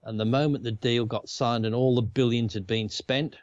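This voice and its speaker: A man's voice: medium pitch, steady tone, normal speed, a little mellow, no echo, dull audio. A man with an Australian accent co-hosting a casual chat, rambling and chuckling often. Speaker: co-host.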